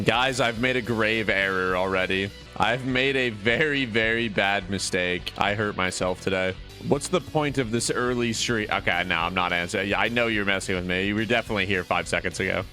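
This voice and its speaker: A man's voice: fairly low pitch, a little fast, bright, forceful tone, soft background music. A man in his twenties, tired from little sleep, chatting with his stream viewers in a rambling, sarcastic way. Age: 20s. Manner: rambling, sarcastic banter, reads chat aloud. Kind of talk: casual livestream chat with viewers.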